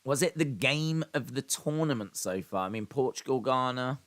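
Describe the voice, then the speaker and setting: A man's voice: medium pitch, expressive, normal speed, a bit bright. A man hosting a live watch-along, reading viewers' comments aloud and answering them in a chatty way, repeating phrases and using fillers. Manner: reads viewer comments aloud and responds conversationally. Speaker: live stream host.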